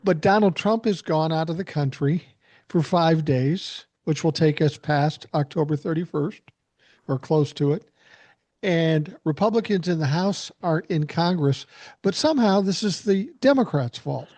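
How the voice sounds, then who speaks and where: An older man hosting a political podcast, talking in a measured, steady way. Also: a little high, no room sound. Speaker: podcast host. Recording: dull dry lo-fi sound.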